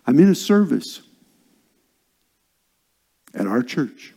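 Older guy pastor preaching, mellow gravelly voice, gets loud then drops to a whisper. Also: mid-range voice, sing-song, takes it slowly. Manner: dramatic swings from loud emphasis to hushed whispers. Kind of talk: sermon.

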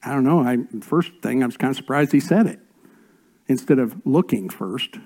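A pastor preaching a sermon, rising to loud emphatic lines and dropping to near-whispered asides. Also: male voice, medium pitch, expressive, normal speed. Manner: swings between raised emphatic lines and soft whispered asides.

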